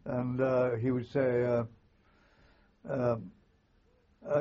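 An older man, a former army chaplain, recalling wartime memories in an oral history interview, with halting, understated speech and frequent restarts. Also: medium pitch, little pitch movement, mellow. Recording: muffled lo-fi recording.

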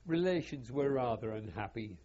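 An older man, recalling his wartime service in an oral history interview in a halting, measured way with wry self-deprecation, on a dull lo-fi recording. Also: medium pitch, expressive, warm tone. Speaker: veteran interviewee.

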